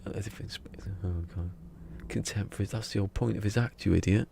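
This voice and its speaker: Streamer, man, deep gravelly voice, rambling muttered chat, faint background hiss. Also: steady tone, unhurried. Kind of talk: casual gameplay stream chat.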